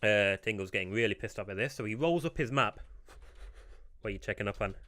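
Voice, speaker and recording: Bright-voiced man telling crude comic stories. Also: fairly low pitch, fast, no room sound. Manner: rambling, crude, deadpan narration. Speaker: podcast co-host. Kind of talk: improvised comic storytelling.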